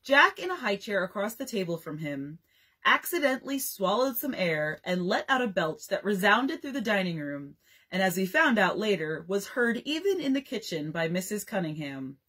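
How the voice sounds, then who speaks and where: Lively, breathy woman reading a bedtime story. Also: medium pitch, moderate pace. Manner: expressive, reads dialogue in varied voices. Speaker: librarian.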